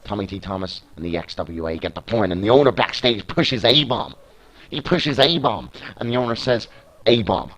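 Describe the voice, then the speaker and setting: A young man giving excitable, indignant play-by-play commentary on a wrestling match, shouting in disbelief at big moments. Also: lowish voice, rough recording. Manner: informal, talks fast at big moments.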